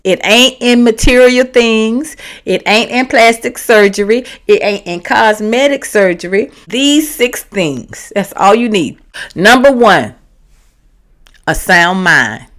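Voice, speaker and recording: A woman's voice: on the high side, takes it slowly. A woman, giving a candid, sassy motivational talk to the camera and acting out the voices she quotes. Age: 50s. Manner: sassy, animated, slangy, acts out quoted voices. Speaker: vlogger and comedian.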